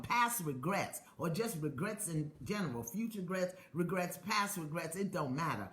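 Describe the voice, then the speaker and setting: Middle-aged woman from the United States, low and animated, chanting affirmations live and calling out to viewers. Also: normal speed, few pauses, reverberant. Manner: chanting affirmations, call-and-response exhortations; greets viewers by place, reads comments aloud. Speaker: spiritual teacher hosting a live stream. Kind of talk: live-streamed affirmation session.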